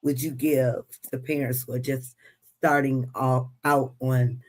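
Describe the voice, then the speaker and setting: Interview host who talks slowly and affirms the guest often. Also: medium pitch, flat delivery. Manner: slow, warm-hearted questioning with many affirmations. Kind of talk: casual live-stream interview.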